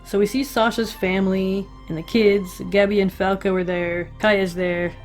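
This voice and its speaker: A woman's voice: mid-range voice, flat delivery, normal speed, darkish tone, soft background music. Chatty sarcastic woman recapping. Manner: chatty, sarcastic, heavy filler "like". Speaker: anime episode recapper. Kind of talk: casual recap narration.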